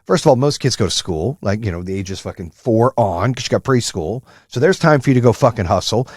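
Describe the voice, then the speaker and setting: A man hosting a podcast, giving an intense, profane motivational monologue in a high-strung, high-energy way. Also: expressive, a little fast, darkish tone, husky, no room sound, studio quality. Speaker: podcast host.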